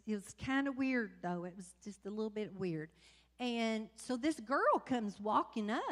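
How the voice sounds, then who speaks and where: A woman telling stories from a mission trip to her church, rambling and animated, with many restarts. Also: a little high. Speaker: mission trip member giving report. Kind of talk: casual testimony to congregation. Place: church sanctuary. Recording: long church hall reverb.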